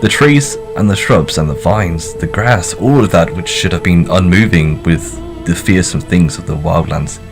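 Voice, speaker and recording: A man's voice: deep voice, normal speed, few pauses, music in the background. A young British man reading a story aloud in a casual session, plain narration with teasing laughs between passages.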